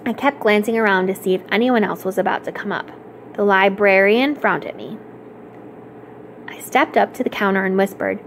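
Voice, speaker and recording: Expressive woman reading a novel aloud. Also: mid-range voice, moderate pace, a little hiss or hum. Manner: expressive, clear storytelling. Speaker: library storytime reader.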